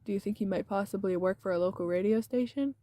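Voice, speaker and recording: Woman reading young french woman, plain polite questions, mellow tone, game dialogue. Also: mid-range voice, fast, dry recording, studio quality, close to an everyday voice. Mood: inquiring. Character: young adult French woman searching for a missing man.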